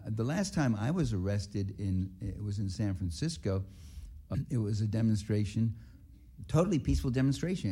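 A man's voice: on the low side, warm tone. A man, a writer giving a public talk, telling rambling and indignant anecdotes full of restarts and asides. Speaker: writer and activist speaker.

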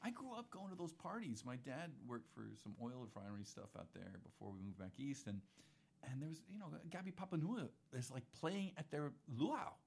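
A man's voice: medium pitch, big pitch swings, a little fast, vocal fry, a little mellow, breathy edge. A man in casual conversation, a musician guest who talks in a laid-back, rambling way, full of slang and asides.

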